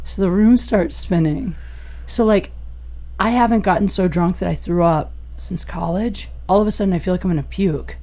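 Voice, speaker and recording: A woman comedian, a podcast guest, telling a raunchy personal story in an animated way and laughing as she goes. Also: normal speed. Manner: animated, gets loud and high-pitched as the story peaks; laughs through her own story.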